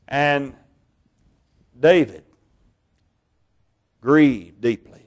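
A man preaching a sermon, reading Bible passages in a measured way, slowing down on key words and correcting his own slips. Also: mid-range voice, expressive, a little mellow. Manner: measured, slow over key words, stumbles on names and corrects himself.

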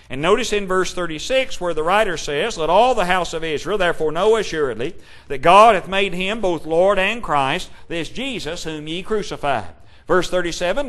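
A man preaching with a notably high voice, stretching key words slowly for emphasis. He moves between reading old-fashioned scripture verses and posing questions straight to his listeners. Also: a bit bright. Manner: deliberate, emphatic preaching with slowed stresses; reads scripture aloud in King James wording. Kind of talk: sermon.

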